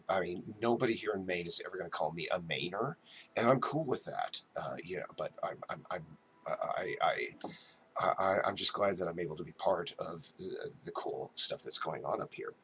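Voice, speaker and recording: A man's voice: low voice, a bit bright, a little hiss or hum. A man from New Jersey hosting a casual live chat, rambling and stammering as he answers viewers. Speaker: livestream host.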